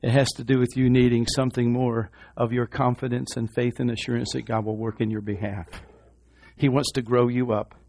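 The male preacher speaks fairly quickly with a flat delivery. Through the sermon he goes from low, quiet talk to loud shouted passages, repeating phrases to stress them.

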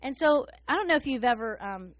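Fast-talking, caffeinated woman preaching. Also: high-pitched, no echo. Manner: fast, excited, humorous. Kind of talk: sermon.

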